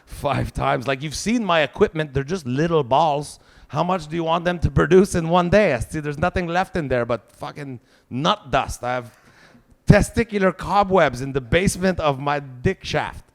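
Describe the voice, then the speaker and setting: A man's voice: fairly high pitch, normal speed, creaky. A man doing live stand-up, telling a crude, self-mocking story peppered with swear words. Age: 40s. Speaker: stand-up comedian.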